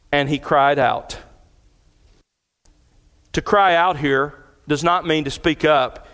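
A man's voice: on the high side, a bit bright. A male pastor preaching an expository sermon in an earnest tone that builds in intensity as he retells events. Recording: long reverb of a large hall.

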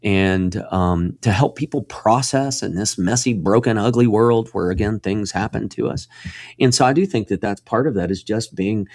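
Earnest, preacherly man, low voice. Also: normal speed, no echo, studio quality. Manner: earnest, preacherly, rises to emphatic peaks when excited; restarts and repeats words often. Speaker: guest speaker on Christian faith. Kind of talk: conversational radio interview.

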